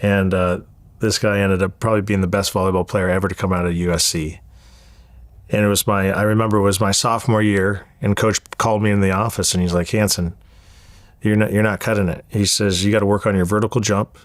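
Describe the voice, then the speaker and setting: Guy from socal telling his story in an interview, kinda low voice, swears a lot, trips over his words, dry close mic. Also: level tone, brisk, no room sound. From Southern California. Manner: candid, profane, repeats words as he goes. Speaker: interview guest.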